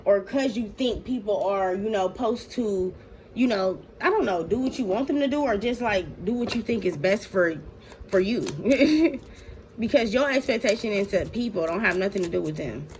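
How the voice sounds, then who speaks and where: A woman reads tarot cards for her viewers in loose, slangy talk, blunt and full of swearing. Her voice sits at a middling pitch, and a faint hiss runs underneath. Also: expressive, normal speed, a little mellow. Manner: blunt and profane, laughs often; slangy, talks straight to "y'all". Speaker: tarot reader. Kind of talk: casual tarot reading to viewers.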